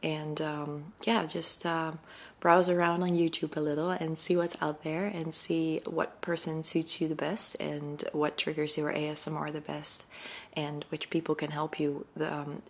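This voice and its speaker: A woman who makes ASMR videos, chatting to her viewers in a casual vlog, talking fast and excitedly with lots of fillers and sometimes drifting into soft whispers. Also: sits low.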